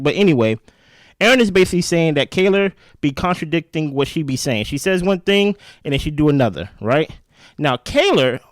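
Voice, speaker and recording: This show host is a young adult man with a high-leaning voice, recorded with no echo. He chats casually about an episode, sharing strong opinions, talking right to the audience and tossing in "right?" again and again.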